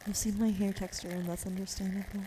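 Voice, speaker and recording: A woman in her forties, a streamer doing whispered role-play, whispering softly and teasing her chat with giggles, with a cough that keeps catching her. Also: mid-range voice, flat delivery, quick pace. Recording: noisy home stream mic.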